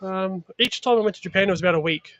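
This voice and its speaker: An Australian man telling stories in casual chat as a guest, energetic and full of slang. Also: high voice, very fast, no room sound, lo-fi sound.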